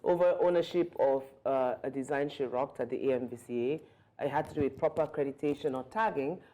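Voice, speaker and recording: A woman's voice: a bass voice, fairly quick, warm tone. A woman co-hosting a studio talk show, playful and teasing.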